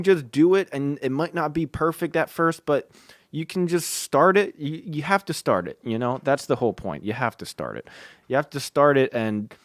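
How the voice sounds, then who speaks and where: A man's voice: a little high, dry recording, clean studio sound. A young man hosting a podcast from home, rambling casually with lots of fillers, restarts and offhand swearing. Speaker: podcast host.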